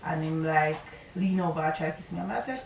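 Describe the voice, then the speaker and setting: A woman's voice: low-pitched, flat delivery, brisk, creaky, a little mellow, echoey room, distant mic, rough recording. A woman with a Jamaican accent telling a personal story in a casual, rambling vlog, full of asides and checks on the listener. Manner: rambling, chatty retelling with asides. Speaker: vlogger.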